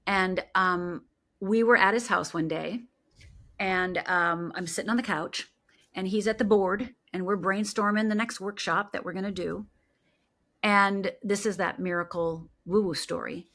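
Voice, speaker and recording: A woman's voice: mid-range voice, steady tone, unhurried, a bit bright. A middle-aged woman, a life coach, telling a personal story in an interview and acting out the voices she quotes.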